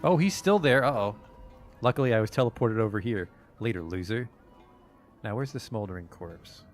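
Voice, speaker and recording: A man's voice: lowish voice, animated, normal speed. A man streaming a video game, commenting sarcastically and swearing casually. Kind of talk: let's play commentary. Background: faint game music.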